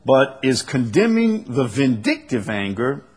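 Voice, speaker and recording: A man preaching an expository sermon, reading scripture slowly and deliberately, then booming for emphasis and dropping low. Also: sing-song, breathy edge. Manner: reads verses slowly and deliberately. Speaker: pastor.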